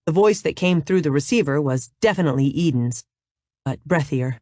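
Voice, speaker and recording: Brief: female audiobook narrator, low register, steady, dry studio sound. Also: moderate pace, dry recording.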